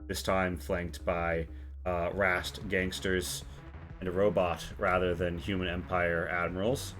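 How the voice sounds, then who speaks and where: A man narrating a tabletop role-playing game as game master, relaxed with many fillers. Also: low-pitched, measured pace, faint music behind.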